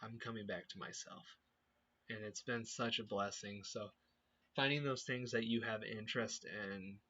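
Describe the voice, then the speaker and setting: A man leading a youth group, talking earnestly about his faith and often pausing to search for words. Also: fairly low pitch, bright, forceful tone. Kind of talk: personal faith reflection to camera. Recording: dull lo-fi recording.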